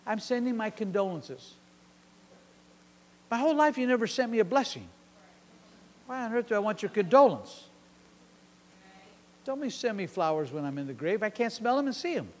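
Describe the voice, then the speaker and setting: A man's voice: high voice, sing-song, normal speed, pauses often, in a large hall. A middle-aged man preaching a sermon as a pastor, dramatically acting out the lines of the Bible characters.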